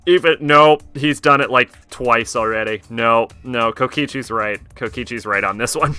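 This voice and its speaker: A man's voice: mid-range voice, normal speed, few pauses, bright, forceful tone, clear, resonant tone, faint music behind. A young man streaming a story game, commenting casually, reacting aloud and swearing now and then.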